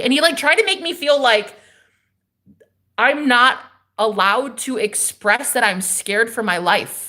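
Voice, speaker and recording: Animated young woman telling a wild story. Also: medium pitch, a little slow. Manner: animated, swearing, with sudden loud outbursts and dips. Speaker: vlogger. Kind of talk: casual storytime rant.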